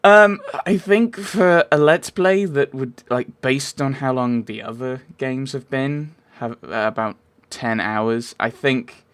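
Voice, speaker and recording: A man's voice: medium pitch, slow pace, few pauses, fairly bright tone, smooth. A man giving rambling, casual commentary over a video game, with wry asides and frequent self-interruptions. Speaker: let's play gamer.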